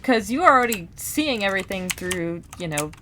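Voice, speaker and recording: A woman chats casually to her viewers, rambling and animated, with many fillers and restarts. Her pitch sits in a middle range. Faint keyboard clicks sound in the background while she plays. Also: normal speed, a little hiss or hum. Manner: gaming while talking. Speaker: book vlogger. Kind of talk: casual chat.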